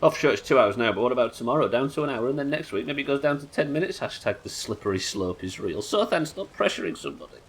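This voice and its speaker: A man's voice: medium pitch, lively intonation, quick pace, hardly any pauses, slightly rough. A man with a Yorkshire accent chatting casually and swearing freely while streaming a game. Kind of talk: casual live-stream chat while gaming.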